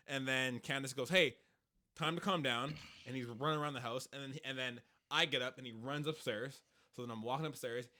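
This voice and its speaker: Bright-voiced man telling animated stories. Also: mid-range voice. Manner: animated storyteller, often laughing. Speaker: podcast host. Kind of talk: casual chat. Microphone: studio podcast mic.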